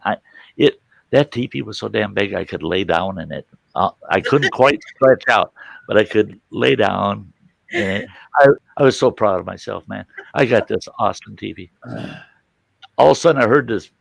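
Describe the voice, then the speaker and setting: A man's voice: lowish voice, normal speed, creaky, no room sound. A man hosting a casual chat, telling a childhood story and acting out his family's voices. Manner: animated, acts out voices of family members. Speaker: host.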